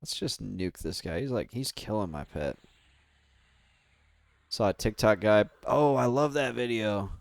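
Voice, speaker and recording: A man's voice: fairly low pitch, animated, unhurried, gravelly, long pauses, dry recording. An American man livestreaming a game, chatting casually and rambling with his viewers, laughing often. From United States. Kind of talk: casual gaming stream chat.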